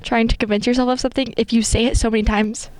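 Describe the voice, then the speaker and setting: A woman's voice: a little high, little pitch movement, fast. A young woman co-hosting a casual podcast, reacting with sympathy and chiming in on her friend's story. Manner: reactive, sympathetic listener who chimes in. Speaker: podcast co-host. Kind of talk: casual chat.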